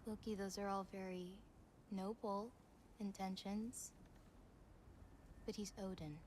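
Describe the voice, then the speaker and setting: An actress voicing a gentle, teasing young giantess in a video game. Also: female voice, mid-range voice, little pitch movement, takes it slowly, a little hiss or hum, close to an everyday voice.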